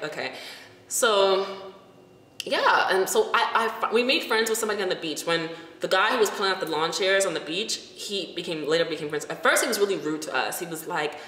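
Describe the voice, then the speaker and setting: A young woman in her twenties, telling a travel story in a casual vlog and acting out the quotes in a lively way. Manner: animated storyteller, acts out quotes in a high voice. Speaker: vlogger. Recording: echoey room with faint noise.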